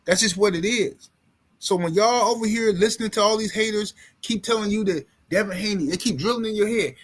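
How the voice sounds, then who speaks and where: High-voiced man ranting about boxing. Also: fairly quick. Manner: animated, trash-talking, mocking. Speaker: boxing commentary streamer. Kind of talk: casual live-stream rant.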